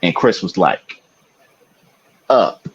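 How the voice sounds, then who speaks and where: A man's voice: deep voice, big pitch swings, extremely slow, husky, highs cut off. A man co-hosting a podcast, telling a story in casual chat, laughing often and swearing freely. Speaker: podcast co-host.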